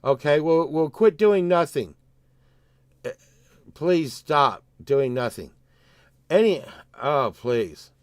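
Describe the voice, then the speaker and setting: A man's voice: fairly high pitch, expressive, slow pace, long pauses, dry recording. A man, telling a rambling, profane story on his livestream and acting out both sides of the argument.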